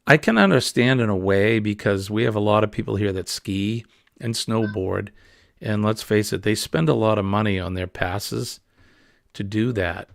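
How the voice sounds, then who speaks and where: A man's voice: fairly low pitch, normal speed, creaky, no echo, clean studio sound. A man with a New England accent hosting a casual, rambling morning livestream chat. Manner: chatty, rambling, easygoing. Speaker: livestream host.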